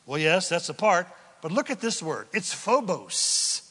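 Impassioned high-voiced preacher in a hall. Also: male voice, sing-song, unhurried, slightly rough. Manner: impassioned preaching, builds to shouts then drops to a hush. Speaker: pastor. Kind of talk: sermon.

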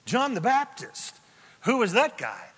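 A man preaching a sermon as a pastor, telling the story in a lively, joking way and acting out the quotes. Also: extremely high pitch, a little slow, breathy edge. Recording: long hall reverb from a large room.

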